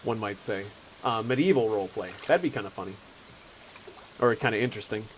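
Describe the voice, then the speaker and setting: A man's voice: fairly low pitch, animated, a little fast, a little hiss or hum, rough recording. A young man streaming a game, chatting casually, rambling and laughing often. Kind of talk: casual chat while playing a game.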